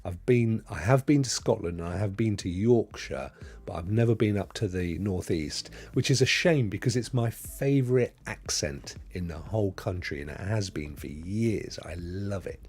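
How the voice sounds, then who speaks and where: Chatty, husky-voiced middle-aged man. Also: lowish voice, lively intonation, normal speed. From England. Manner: chatty and rambling, with laughs and drops into a soft whisper. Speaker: gaming news livestream host. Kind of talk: casual livestream chat reading viewer comments.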